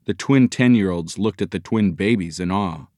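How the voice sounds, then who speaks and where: Low-voiced male audiobook narrator. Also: moderate pace, darkish tone, dry recording, studio quality.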